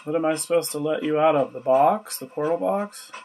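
Man coaxing spirits, higher voice. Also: a little fast, a little mellow. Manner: patient, coaxing questions to spirits. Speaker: paranormal investigator. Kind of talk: spirit box session vlog. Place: at home, indoors.

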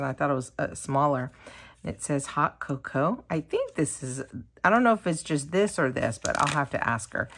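A woman who is losing her voice chats casually while unboxing gifts, gushing and excitable, and she says "oh my gosh" again and again. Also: on the low side. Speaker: crafting vlogger.

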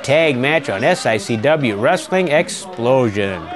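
A middle-aged man giving folksy, excitable play-by-play commentary on a wrestling match. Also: mid-range voice, measured pace, music in the background.

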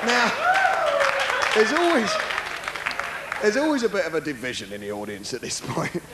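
A man, doing a live stand-up routine, ranting fast and shouting his punchlines. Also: a little high, very noisy. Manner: rapid, ranting, animated delivery with shouted punchlines. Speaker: stand-up comedian. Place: large concert hall with live audience. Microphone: stage microphone. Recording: roomy live hall recording with faint crowd.

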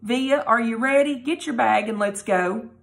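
A woman's voice: a little high, normal speed, vocal fry. A woman reading aloud, voicing a stern but playful father who talks firmly and gets exasperated. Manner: firm, exasperated.

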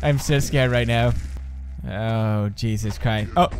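A young man hosting a joking let's-play commentary, excitable and prone to yelps and laughter. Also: lowish voice, slow pace. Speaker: gaming video host.

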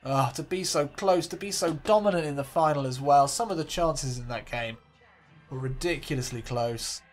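A man hosting a let's play, calling a football game like a commentator, swinging between excitement and glumness. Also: fairly high pitch, brisk, faint music behind.

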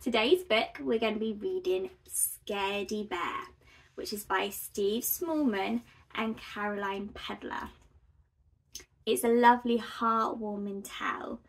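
A woman reading a children's picture book aloud in a gentle, expressive way. Her voice sits a little high and she takes her time, slow and unhurried. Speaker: children's story reader. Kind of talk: children's read-aloud narration.

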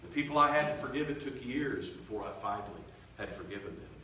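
A man preaching a revival sermon, swelling loud and slow for emphasis, then dropping to quiet, confiding tones. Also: medium pitch, lively intonation, slight background noise. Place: church sanctuary. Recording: echoey church from far off.

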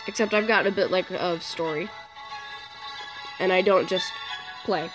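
A young woman hosting a gaming channel, chatting casually, often swearing and yelling at the game. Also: lowish voice, a little slow, rough recording. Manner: swears a lot, yells at the game. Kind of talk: casual gameplay chat. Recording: music playing behind.

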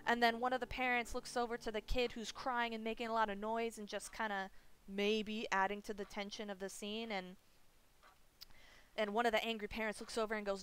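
A woman's voice: medium pitch, level tone, moderate pace, a bit bright, clean tone. A woman streaming a game, chatting casually and rambling with lots of fillers and restarts as she shares strong opinions. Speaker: streamer playing a horror game. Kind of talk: casual gaming commentary.

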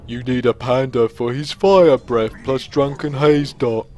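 A man putting on a male ogre voice, reading slowly and bluntly in gameplay commentary. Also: medium pitch, fairly even intonation, a little mellow, lightly acted. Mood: plodding. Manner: slow, plodding delivery. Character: slow, dim-sounding male ogre.

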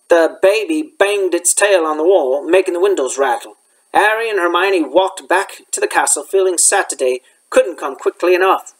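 A male schoolteacher reading a children's novel aloud in an expressive storytelling manner. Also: high-pitched, moderate pace, low-quality recording. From United States. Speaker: teacher.

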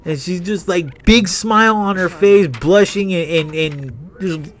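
A man's voice: high voice, unhurried. A man hosting a casual game walkthrough, rambling through personal stories and swearing a lot. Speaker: gaming video host. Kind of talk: casual let's-play storytelling.

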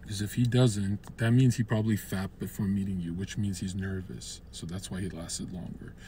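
Crude low-voiced man chatting to his stream. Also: fairly even intonation, moderate pace, dark tone, slight background noise. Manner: crude, rambling, joking. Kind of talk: casual chat with viewers. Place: parked car.

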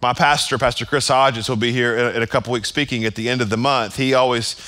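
A man's voice: medium pitch, fairly even intonation, fast talker, bright, forceful tone. A man pastor preaching a sermon at a church service, emphatic and full of repeated phrases.

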